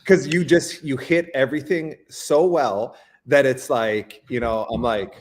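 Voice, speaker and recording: A Canadian man talking as a guest in a casual interview, animated, with stammering restarts and lots of fillers. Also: mid-range voice, measured pace.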